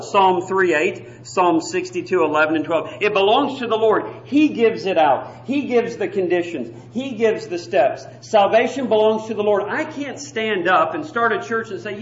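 A man preaching an evening sermon, emphatic and slowing down to stress key phrases. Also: high voice, expressive, a little hiss or hum. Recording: dull lo-fi recording.

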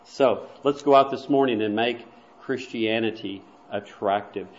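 A man preaching a sermon in a church, telling a story earnestly and sometimes dropping to soft, quiet asides. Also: medium pitch, unhurried. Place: church sanctuary. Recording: dull, roomy church recording.

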